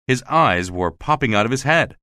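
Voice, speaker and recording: A man narrating a graded-reader classic with clear, measured reading. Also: mid-range voice, expressive, bright, forceful tone, dry recording, clean studio sound.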